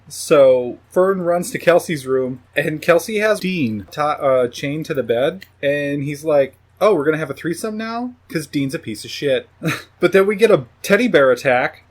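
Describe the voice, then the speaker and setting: A man recaps a film plot for his review podcast, casual and profane, now and then imitating characters in a higher voice.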